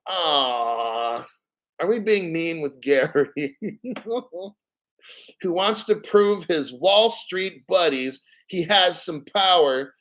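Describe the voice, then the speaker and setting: A man's voice: high voice, takes it slowly, fairly bright tone. A man in his fifties hosting a crypto channel, chatting casually on a livestream. He swears freely and drifts off into rambling stories. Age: 50s. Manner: rambling, profane, storytelling.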